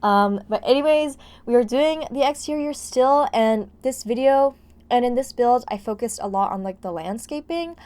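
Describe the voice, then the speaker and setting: A young woman gaming vlogger gives casual voice-over commentary on a building game, chatting and rambling while stuffing her sentences with "like." She sounds somewhat breathless and wired on caffeine, her voice on the high side and a little mellow, at normal speed.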